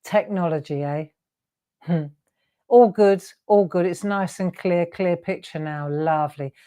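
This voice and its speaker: A woman's voice: fairly low pitch, measured pace, mellow. A middle-aged woman hosting a live craft demonstration, chatty and encouraging, often asking her viewers questions. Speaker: craft show host.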